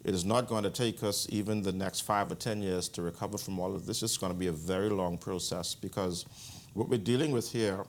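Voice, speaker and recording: A man from the Bahamas, appearing as a guest economic commentator, answers an interview question in a very low voice. He speaks in a measured, deliberate way and restarts often.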